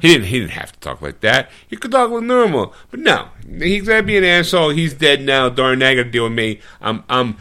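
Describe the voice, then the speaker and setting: A man co-hosting a podcast in casual chat, joking and animated. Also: medium pitch, a little fast, few pauses. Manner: joking, animated, does voices. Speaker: podcast co-host.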